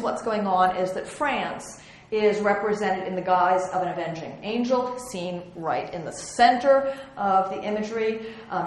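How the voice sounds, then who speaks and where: Chatty woman lecturing in an echoey hall. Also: medium pitch. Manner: chatty and wry, with many ums and restarts. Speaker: museum curator giving an illustrated lecture. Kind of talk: slide lecture on historical prints. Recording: very echoey room with faint hiss.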